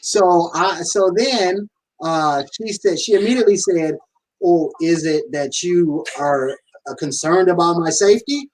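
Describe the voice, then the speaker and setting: A man co-hosting a podcast who tells his side of the story in a measured, fact-focused way and sometimes teases with playful interruptions. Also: fairly high pitch, recorded from a distance, a little hiss or hum, low-quality recording. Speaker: podcast co-host. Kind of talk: casual conversation.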